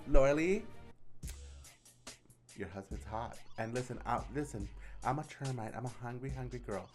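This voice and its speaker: A young adult man, a drag queen vlogger, telling stories in a sassy, animated way and often squealing into high voices for quotes. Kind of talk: casual chatty vlog storytelling.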